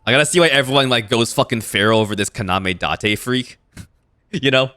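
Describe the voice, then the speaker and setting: A man streaming a video game, giving animated, swear-heavy commentary with frequent reactions. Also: medium pitch, moderate pace. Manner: animated, swears and laughs often. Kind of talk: casual let's-play commentary.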